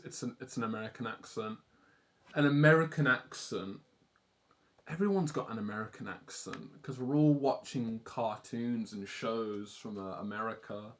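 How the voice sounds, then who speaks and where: A young man from England, with an English accent and a medium-pitched, fairly bright voice, streams himself drawing. The art streamer chats casually and rambles, self-deprecating and occasionally swearing.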